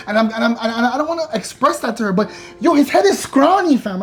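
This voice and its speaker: Excitable young man telling a birth story. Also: very high-pitched, quick pace, hardly any pauses, faint music behind. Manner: animated slangy retelling with many restarts. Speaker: co-host of a couple's channel. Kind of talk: casual storytelling.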